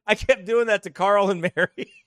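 A man telling casual stories over travel photos, animated and quick to laugh. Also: high-pitched, dry recording, studio quality. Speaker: vlogger showing travel photos. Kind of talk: casual storytelling.

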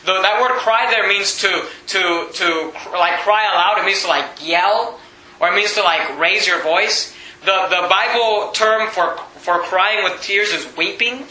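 A man preaching a sermon, animated and rising to near shouts on key points, reading scripture in a lower, slower voice. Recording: echoey room with faint ambience.

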